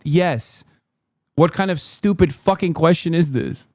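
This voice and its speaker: A man's voice: a little high, measured pace, darkish tone, dry recording, clean studio sound. A man giving casual livestream commentary on a debate clip, sarcastic and heated, swearing and laughing often. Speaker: streamer reacting to a debate clip.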